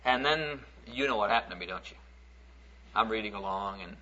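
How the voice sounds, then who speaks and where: Folksy male preacher, bright lo-fi sound. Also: fairly low pitch, a little fast. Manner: folksy, conversational, animated when acting out stories. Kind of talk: sermon storytelling. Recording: dull lo-fi recording.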